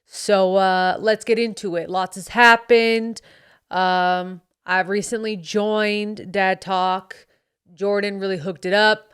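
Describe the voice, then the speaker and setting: A boastful young bro dad influencer, played by a woman, who swaggers through his slang with a faint southern twang. The voice is smooth and clean at a middling pitch. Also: animated, moderate pace, long pauses, a bit bright, no echo, clean studio sound. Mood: braggy. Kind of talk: comedic character monologue.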